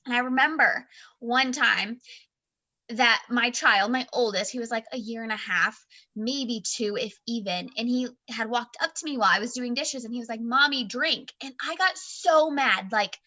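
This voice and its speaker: A woman in her thirties co-hosts a book club podcast, telling a story from home in a lively, expressive, casual way and doing the voices of the people she quotes. Her voice is on the high side and her pace moderate.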